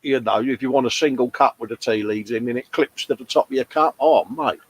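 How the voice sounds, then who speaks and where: A British man in his fifties co-hosts a casual livestream, reading out viewer comments in a chatty, jokey, matey way and saying "mate" a lot. His medium-pitched voice is brisk with a breathy edge.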